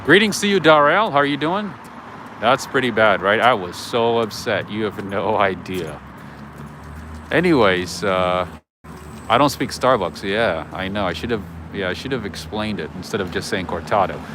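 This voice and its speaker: This livestream host walks outdoors through city streets, swapping stories and responding to viewer comments as he reads them. He has a lowish, fairly bright voice at a moderate pace, with a little hiss or hum in the recording.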